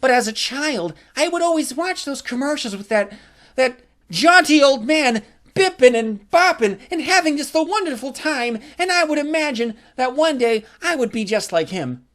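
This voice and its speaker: A man voicing a smooth-talking young boyfriend with an overly sweet tone. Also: extremely high pitch, animated, normal speed, fairly bright tone, voice pushed up. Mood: wistful.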